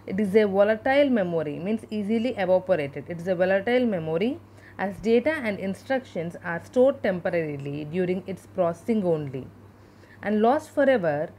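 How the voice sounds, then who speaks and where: A woman's voice: mid-range voice, lively intonation, brisk, mellow, slight background noise. A woman teacher giving a school computer science lesson over slides, explaining terms one by one and spelling out abbreviations. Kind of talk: classroom lecture over slides.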